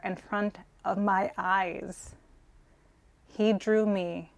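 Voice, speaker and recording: A woman in her forties co-hosting a collectors' vlog, telling a story in an earnest, sentimental, gushing way. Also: mid-range voice. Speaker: collector co-host.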